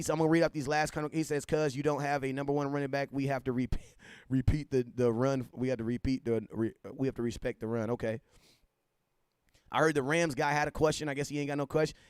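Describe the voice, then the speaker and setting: A man hosting a casual sports livestream, talking animatedly, repeating himself and giving shout-outs to viewers. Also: mid-range voice, no room sound, studio quality. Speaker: livestream host.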